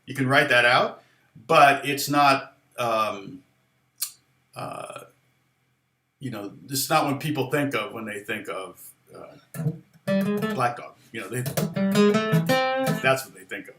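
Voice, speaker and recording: A guitar teacher gives a casual songwriting lesson, rambling with restarts and fillers and softly half-singing lyric snippets to demonstrate. His mid-range voice is slow with frequent pauses, in an echoey room with music in the background.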